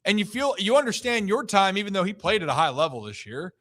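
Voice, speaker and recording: A man's voice: high voice, sing-song, a bit bright, dry recording, clean studio sound. A man hosting a sports talk show, giving emphatic opinions in casual chat. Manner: opinionated, emphatic, drawn-out stresses.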